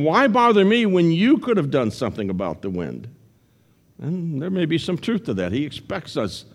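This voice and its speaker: Animated male pastor preaching. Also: fairly high pitch. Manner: animated storytelling, varying loudness and pace. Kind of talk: sermon. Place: church.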